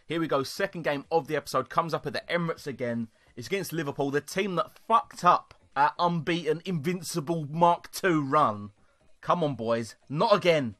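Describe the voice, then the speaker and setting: A young British man commentating live on his football video game, excitable and sweary, shouting when goals go in. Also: fairly high pitch. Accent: British English. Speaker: gaming YouTuber.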